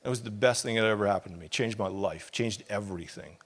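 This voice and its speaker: A man's voice: on the low side, fast. A middle-aged man, a pastor, preaching a sermon with impassioned, conversational delivery and casual asides.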